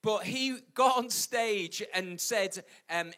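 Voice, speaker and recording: A man's voice: high-pitched, slow pace, bright, forceful tone. A British man preaching a sermon, emphatic and repeating his key points, with jokey asides. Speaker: pastor.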